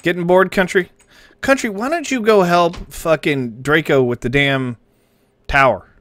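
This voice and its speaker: A man's voice: on the high side, measured pace, a bit bright. A man hosting a live stream, reacting to viewer links with sarcastic, swearing commentary that sometimes turns mock-preachy.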